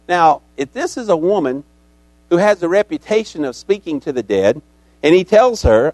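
A man's voice: on the high side, big pitch swings, fairly quick, a little mellow, dry recording. Preaching man with a raised voice. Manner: dramatic storytelling that acts out the characters. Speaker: pastor. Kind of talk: sermon.

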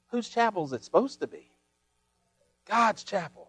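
A man preaching a sermon as pastor, folksy and full of homespun sayings, building emphatically to loud peaks. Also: sits high, sing-song, moderate pace, pauses often, husky, no echo.

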